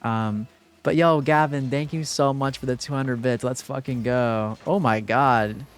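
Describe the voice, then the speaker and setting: Young man, streamer, smooth clear voice, casual rambling chat, mid-pitched. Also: steady tone, a little slow. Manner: rambling, filler-heavy, thanks viewers.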